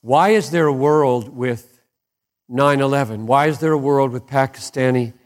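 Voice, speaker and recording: A man preaching a sermon with passion, dropping to hushed lows and rising to emphatic peaks. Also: moderate pace. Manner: impassioned, swings from hushed to soaring emphatic peaks. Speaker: pastor.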